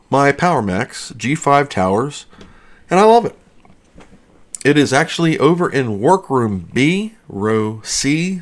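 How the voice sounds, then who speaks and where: A man hosting a casual livestream from his basement studio, rambling and joking as he answers chat questions. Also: fairly low pitch. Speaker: livestream host.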